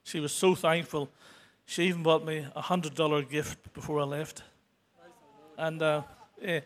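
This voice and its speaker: Man, 60s, testimony at church, earnest and stumbling, higher voice. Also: level tone. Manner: halting, many restarts and fillers; earnest, grows emotional toward the end. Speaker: church member giving testimony. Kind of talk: unscripted testimony.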